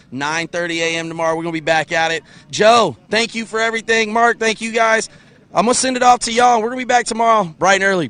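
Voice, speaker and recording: A man's voice: sits high, bright, forceful tone. A man hosting live interviews at a drag racing track, talking casually with lots of fillers. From United States. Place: outdoors at a drag strip.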